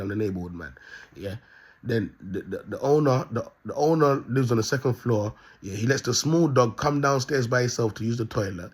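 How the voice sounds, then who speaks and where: A man's voice: mid-range voice, breathy edge. A man talking to camera in a rambling, repetitive monologue, laughing at his own points and checking in with his listeners again and again. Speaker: self-styled prophet vlogger.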